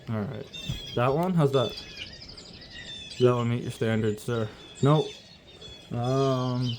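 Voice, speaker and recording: A man feeding squirrels and birds outdoors, cooing softly at them and drifting into a rambling political monologue. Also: mid-range voice, background noise. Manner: coos softly to animals, then rants about politics. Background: birdsong and outdoor ambience.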